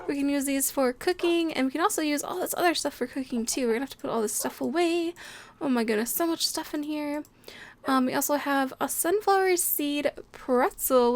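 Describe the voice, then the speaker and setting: A young woman hosts a Minecraft let's play, offering casual gameplay commentary and gushing with delight amid frequent gasps and laughs. Her voice sits high, and there's no room sound.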